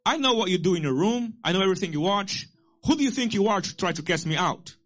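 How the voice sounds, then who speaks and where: A man's voice: sits high, lively intonation, fast, fairly bright tone, muffled recording. A man voicing a taunting male demon that mocks and accuses, within a sermon story. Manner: mocking, defiant retorts.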